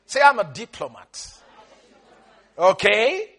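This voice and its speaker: A man preaching as a pastor, emphatic, shouting out lists and calling the congregation to repeat after him. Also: high voice, very animated, measured pace. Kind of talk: sermon.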